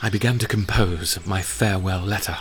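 A man playing a grown man narrating his memories in a measured, reflective way. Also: deep voice, a crowd in the background, close to an everyday voice. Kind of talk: scripted narration.

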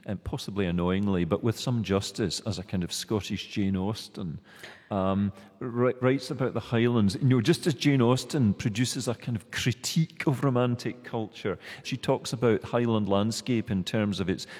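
A man's voice: lowish voice, normal speed, a little mellow. A male academic speaking on a panel, hesitant and full of restarts. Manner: hesitant, many restarts and fillers. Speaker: guest academic. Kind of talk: panel discussion. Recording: long hall reverb.

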